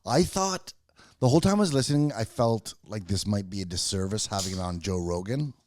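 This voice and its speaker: A man's voice: on the low side, animated, a little fast, a little mellow, a little hiss or hum. A man co-hosting a podcast in casual chat, earnest and stammering through restarts. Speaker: podcast co-host.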